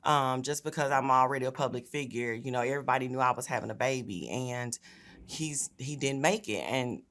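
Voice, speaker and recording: A woman's voice: extremely low pitch, fairly quick, a bit bright. A young woman, a state senator giving a personal testimony in an earnest, conversational way with frequent fillers. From Memphis, Tennessee.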